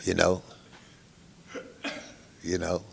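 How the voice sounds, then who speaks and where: Older male musician guest, very low and gravelly voice, lively storyteller. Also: very slow, slight background noise. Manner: animated storyteller who acts out the other people's lines. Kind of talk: storytelling interview.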